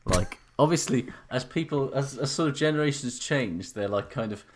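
A man's voice: medium pitch, lively intonation, normal speed. A man co-hosting a podcast, talking in a wry, rambling way and laughing often. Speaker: podcast co-host. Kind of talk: casual banter.

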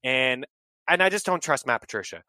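A man's voice: mid-range voice, lively intonation, normal speed, sharp tone, no echo. A man co-hosting a fantasy football show, agreeing readily and rambling through his analysis. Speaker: fantasy football podcast co-host. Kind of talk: casual sports betting chat.

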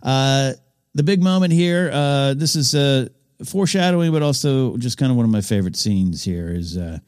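A man's voice: mid-range voice, animated, normal speed, darkish tone, smooth, no room sound, studio quality. A man hosting a podcast, recapping an episode in an enthusiastic, rambling way with frequent restarts. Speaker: podcast host. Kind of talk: casual episode recap commentary.

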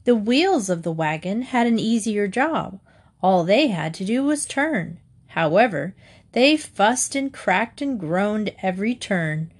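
A woman narrating children's fables in a gentle, measured storybook reading. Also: mid-range voice, expressive, husky.

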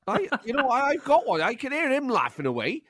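Lively, laughing English man, dry sound. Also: extremely high pitch, fairly quick, dry recording. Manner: animated storyteller, laughs often. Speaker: podcast co-host. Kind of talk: casual chat.

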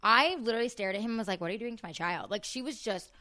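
Animated woman telling stories. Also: on the high side, racing, dry recording, clean studio sound. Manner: animated storyteller, acts out quotes. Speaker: podcast guest. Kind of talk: casual chat.

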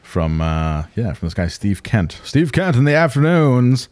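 A man in his forties hosting a casual podcast chat, excitable and profane, laughing often. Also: mid-range voice, measured pace, no room sound. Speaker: podcast host.

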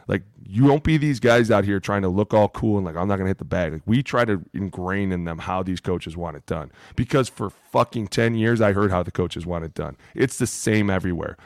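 A man in his thirties, a former football player co-hosting a podcast, talking bluntly with lots of swearing and acting out what coaches yell. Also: on the low side, brisk, hardly any pauses, dry recording, studio quality. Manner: blunt, profane, emphatic, acts out coaches' lines. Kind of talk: casual podcast chat.

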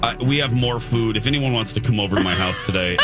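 A man's voice: fast talker, loud music behind the voice. A man hosting a morning radio show, chatting casually and playfully with his co-hosts. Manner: playful, drops into silly low voices. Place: radio studio.

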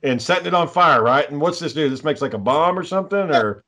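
A man talks bluntly in relaxed conversation and swears constantly as he reacts. His voice sits slightly above the usual male range. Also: a little high, fast. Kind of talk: casual profane chat.

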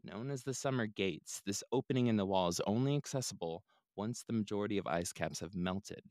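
A man's voice: lowish voice, fairly quick, a little mellow, no room sound. A man hosting a podcast, retelling a story in a casual, laid-back way with joking asides. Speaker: podcast host.

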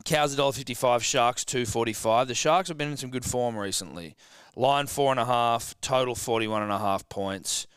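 A young Australian man hosting a sports betting chat, brash and quick to swear and joke. His voice is smooth and resonant, in a mid register. The sound is dry and close. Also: mid-range voice, fairly bright tone, dry recording. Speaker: podcast host.

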